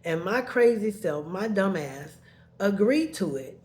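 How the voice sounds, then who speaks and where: Slow-talking woman venting a painful story. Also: medium pitch, lively intonation, darkish tone. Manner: rambling, heated then subdued, fillers like "or whatever". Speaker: vlogger telling a personal story. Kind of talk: emotional personal storytelling.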